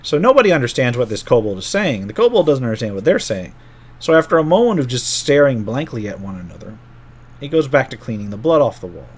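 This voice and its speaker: A man's voice: medium pitch, very animated, quick pace, husky. A middle-aged man, a game master, casually telling a rambling story from an old tabletop game and often correcting himself as he goes.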